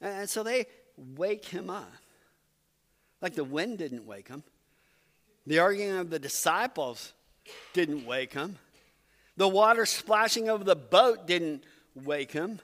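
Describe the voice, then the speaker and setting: A man's voice: sits high, animated, slow pace, pauses often, a bit bright. A man preaching a sermon as pastor, telling the story in a conversational, earnest way. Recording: long reverb from a hall.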